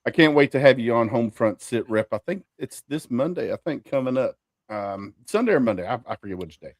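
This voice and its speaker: A man's voice: medium pitch, lively intonation, brisk, no echo, clean studio sound. A man, an ex-Marine guest telling his story in an easygoing way. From Kentucky. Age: 40s. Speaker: podcast guest, Marine veteran. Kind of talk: casual interview storytelling.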